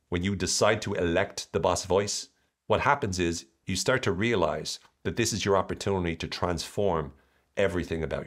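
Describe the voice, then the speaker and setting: A man, hosting a solo podcast in a lively, jokey way with mocking asides. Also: sits low. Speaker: podcast host.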